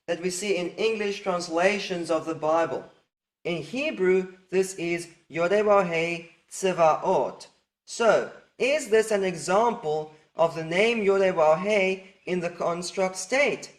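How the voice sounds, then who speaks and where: A man's voice: high voice, slow pace. A man teaching Hebrew grammar over slides, reasoning step by step and repeating key points with emphasis. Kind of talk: explanatory lecture over slides.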